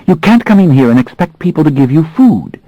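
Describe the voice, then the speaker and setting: A curt young woman hostess, cold and shaky with anger, her voice pitched up high and thin against his usual low register, as a male narrator puts her on. Her words tremble as she rebukes a stranger in an audiobook scene. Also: big pitch swings, moderate pace, dry recording, muffled recording. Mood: angry. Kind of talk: audiobook character voice.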